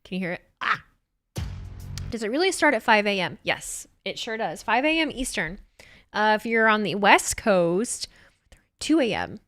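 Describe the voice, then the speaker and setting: Woman, live-stream host, casual chat, slightly wheezy, bright tense voice, soft music behind. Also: mid-range voice, normal speed, pauses often. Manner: animated, laughing, swearing, reacting to chat. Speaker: wrestling watchalong streamer.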